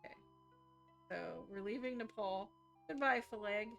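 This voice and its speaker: A woman's voice: medium pitch, animated, moderate pace, gravelly, a bit bright, soft background music. A young woman streamer giving casual, joking commentary while playing a game. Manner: chatty, joking.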